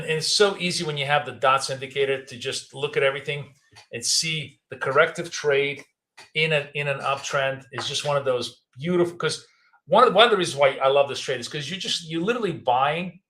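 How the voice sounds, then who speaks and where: A man's voice: fairly high pitch, fairly bright tone. A man in his fifties or older with a Russian accent, a native Russian speaker, giving casual, rambling live trading commentary. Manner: casual, rambling, thinking aloud. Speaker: trading educator.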